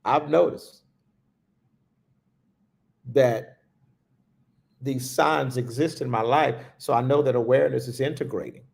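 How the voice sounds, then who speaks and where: A man giving a livestreamed spiritual talk, slow and reflective, dropping to a hush on key phrases. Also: medium pitch, fairly even intonation, vocal fry. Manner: slow, reflective, with hushed pauses. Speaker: spiritual teacher.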